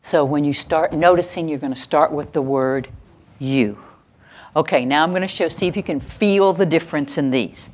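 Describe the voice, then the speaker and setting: A woman with a deep, darkish voice gives a workshop lecture to a live audience at normal speed. She speaks emphatically, repeats key phrases and checks in with her listeners as she teaches.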